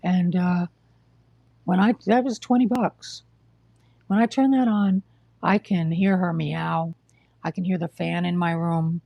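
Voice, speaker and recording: Gravelly, short-of-breath live-stream talker. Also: medium pitch, steady tone, unhurried, pauses often, dark tone, dry recording. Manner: blunt, exasperated, lecturing. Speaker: livestream host telling of hospital care. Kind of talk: casual live-stream monologue.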